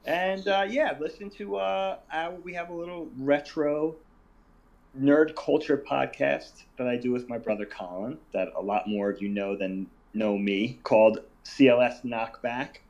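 A man in his forties, a podcast guest, talking in an animated, enthusiastic casual chat. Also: medium pitch, measured pace, vocal fry, lo-fi sound.

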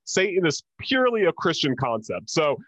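Blunt, jokey young man, higher voice. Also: big pitch swings, moderate pace, a bit bright, dry recording. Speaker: podcast co-host. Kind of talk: casual rewatch podcast chat.

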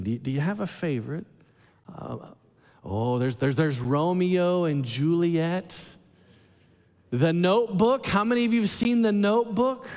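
High-voiced male preacher in a reverberant hall. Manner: emotive preaching, slows for emphasis, asks the congregation questions. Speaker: pastor. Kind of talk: sermon. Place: church sanctuary.

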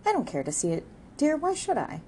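A woman's voice: high-pitched, wildly swooping pitch, fairly quick, warm tone, a little hiss or hum, voice pushed up. A woman voicing a shy, earnest young working man in a raised, light voice.

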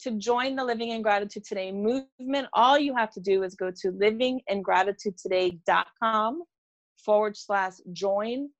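A woman's voice: mid-range voice, no room sound, muffled recording. A middle-aged woman, a former teacher, telling stories on a podcast and acting out the voices of the people in them. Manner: animated, acts out voices in her stories. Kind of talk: conversational storytelling.

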